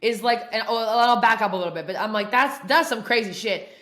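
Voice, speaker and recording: Woman host, a bit high-pitched, profane and animated, telling stories casually in an echoey room. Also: brisk. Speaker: podcast host. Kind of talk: casual storytelling.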